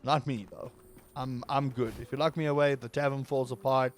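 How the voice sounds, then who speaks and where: A man giving playful, theatrical let's-play commentary over a game, now and then breaking into high panicked yelps. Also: fairly even intonation, normal speed, over music. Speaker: gaming video creator.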